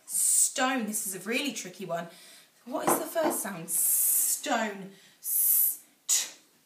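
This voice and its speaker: A woman with an English accent teaching a phonics lesson to young children, sounding out letters in a sing-song, drawn-out way. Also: mid-range voice, expressive, background noise. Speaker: infant school teacher. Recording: echoey room, voice a little far from the mic.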